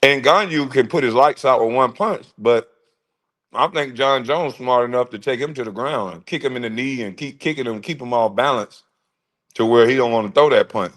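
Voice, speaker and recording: Casual livestream host, forties man, mid-pitched, slangy and animated. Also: moderate pace. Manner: animated, slangy storytelling with laughs.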